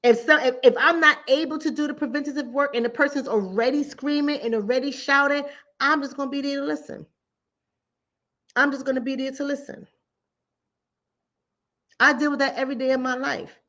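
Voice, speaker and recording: A woman with a fairly high voice hosts a mental health talk show in casual, emphatic speech. She repeats key phrases to hammer her points home. The recording sounds dull and lo-fi. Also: fairly even intonation, a little fast, pauses often, a bit bright. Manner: informal speech, acts out callers and her own replies. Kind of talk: conversational commentary.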